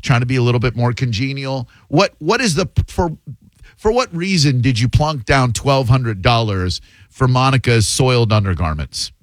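Deadpan talk-radio host, dry sound. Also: male voice, medium pitch, dry recording. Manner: measured, deadpan, interrupting to steer the caller.

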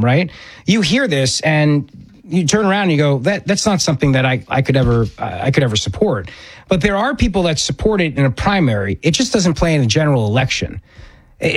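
A man's voice: a little high, breathy edge, dry recording. A man hosting a political talk radio show, delivering an opinionated monologue and repeating words for emphasis. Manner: emphatic, repeats words when pressing a point.

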